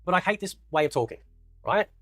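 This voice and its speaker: A man's voice: sits high, lively intonation, fast talker, a bit bright, no echo, clean studio sound. A man with an Australian accent giving blunt, frustrated video commentary, often tagging his sentences with "right". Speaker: YouTuber.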